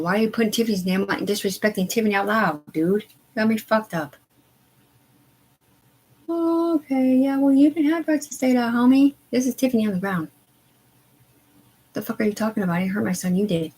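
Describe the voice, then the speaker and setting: A woman ranting on a live stream, agitated and profane, rambling in disjointed bursts that sink to quiet mumbling. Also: medium pitch, fast, husky, poor audio. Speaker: livestreamer. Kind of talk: unscripted live stream rant.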